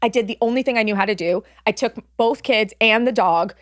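A woman's voice: fairly high pitch, brisk, dry recording, clean studio sound. A woman podcast co-host in casual chat, telling a story in a friendly, chatty way.

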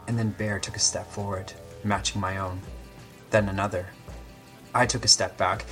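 A man reading a scripted first-person story, measured and literary, with short terse sentences. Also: on the low side, level tone, a bit bright, faint music behind. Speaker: story narrator. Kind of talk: scripted dramatic narration.

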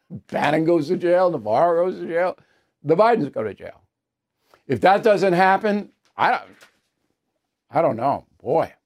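A man hosts an opinionated news commentary show from a studio, wearing an earpiece to his producers. His fairly high, slightly mellow voice has lively intonation and runs a little slow with frequent pauses, and he's indignant and sarcastic, with scoffing asides.

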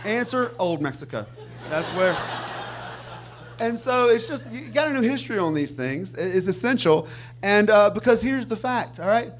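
Animated Southern man telling a comic rant. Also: sits high, normal speed, background noise. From Nashville, Tennessee. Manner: animated, laughing through punchlines. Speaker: stand-up comic guest.

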